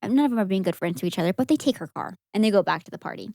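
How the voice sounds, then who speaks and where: A young woman co-hosting a podcast, recapping a movie in casual chat and acting out the characters' lines in an animated way. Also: mid-range voice, very fast, no room sound, clean studio sound. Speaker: podcast co-host.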